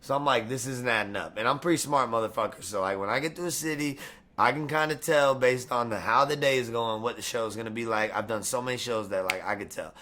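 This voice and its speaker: A man's voice: mid-range voice, quick pace, sharp tone. A man guest in a casual interview, hyped and profane, full of slang and swearing. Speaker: musician guest.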